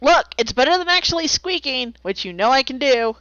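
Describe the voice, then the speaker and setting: A woman's voice: sits high, lively intonation, a little fast, a bit bright, dry recording. A woman streaming while she draws, chatting casually and playfully, rambling and making silly noises. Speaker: streamer drawing commissions. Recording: slightly dull lo-fi, dry.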